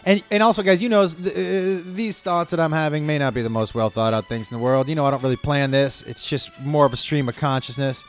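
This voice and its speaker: A man's voice: a little high, fairly even intonation, a little fast, hardly any pauses. A man delivering an angry, profanity-heavy, stream-of-consciousness rant to his viewers. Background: faint music playing.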